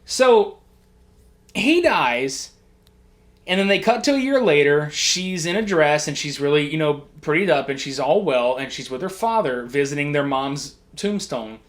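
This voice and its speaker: A man co-hosting a podcast, retelling film scenes in a casual, profane, animated way. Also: fairly high pitch, a little slow. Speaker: podcast co-host. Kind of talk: casual movie review chat. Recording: early amateur mic setup.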